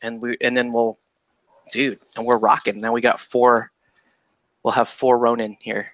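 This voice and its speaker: Laid-back bright-voiced man chatting. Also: medium pitch, flat delivery, a little slow, no echo, highs cut off. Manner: laid-back, swears casually, laughs often. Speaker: stream host painting miniatures. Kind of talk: casual chat while painting.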